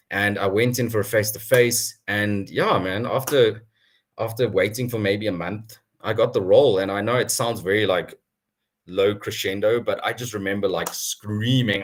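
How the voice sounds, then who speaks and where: A young man telling his career story at an online town hall in an animated way, chuckling often. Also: lowish voice, normal speed. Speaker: guest speaker.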